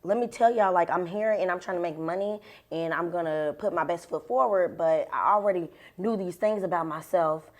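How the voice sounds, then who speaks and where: A young adult woman speaking on a panel, emphatic and animated, laughing as she makes her points. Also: on the low side, moderate pace, hardly any pauses. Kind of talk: candid panel discussion.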